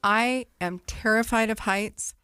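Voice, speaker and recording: A woman's voice: a little high, unhurried, pushed and bright, smooth, dry recording, clean studio sound, faint music behind. A woman hosting a podcast interview, talking openly and personally about her own fears. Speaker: podcast host. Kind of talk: casual interview chat.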